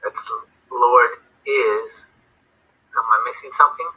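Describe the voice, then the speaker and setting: A man taking part in a class as a student, reading words aloud slowly and unsure of himself. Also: mid-range voice, steady tone, sharp tone, breathy edge. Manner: slow and halting, unsure. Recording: tinny phone-like line.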